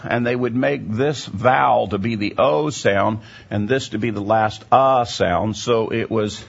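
Low gravelly man teaching, lo-fi sound. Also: unhurried. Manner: explanatory, often checks in with the audience. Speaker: Bible teacher. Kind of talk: teaching sermon with a story. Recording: dull lo-fi recording.

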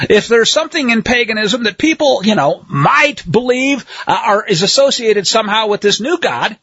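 A man's voice: high-pitched, lively intonation, normal speed, few pauses, fairly bright tone, dry recording. A man teaching a Torah portion in sermon style, emphatic and given to sarcastic asides. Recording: dull, husky, dry audio.

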